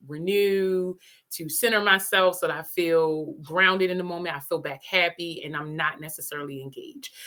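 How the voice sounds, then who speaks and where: A woman host recounting a personal story in a relaxed, chatty way. Her voice is bright and pointed, set a touch low, and she breaks into laughter often. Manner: animated, laughs often while telling a story. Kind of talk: casual storytelling.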